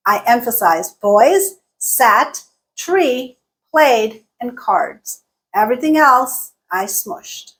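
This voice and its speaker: A woman teaching English pronunciation, modeling example sentences slowly and exaggerating the stressed words. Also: fairly high pitch, animated, fairly bright tone. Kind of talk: slow, deliberate teaching.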